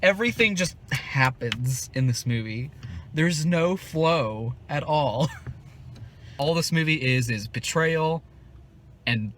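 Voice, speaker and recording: A man's voice: fairly high pitch, animated, slow, a bit bright, slight background noise. A young man hosting a casual movie review chat, laughing often and swearing freely.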